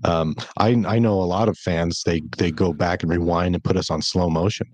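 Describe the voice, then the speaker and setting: A man's voice: low-pitched, steady tone, a little fast, darkish tone, dry recording. A man hosting a podcast as a financial planner, chatting casually and telling teasing stories. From Minnesota. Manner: chatty storyteller with teasing humor.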